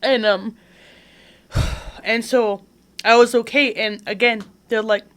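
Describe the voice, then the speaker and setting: A woman guest on an interview show, telling her story in a chatty, animated way, full of "like" fillers. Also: a little high, slow pace. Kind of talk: casual conversational storytelling.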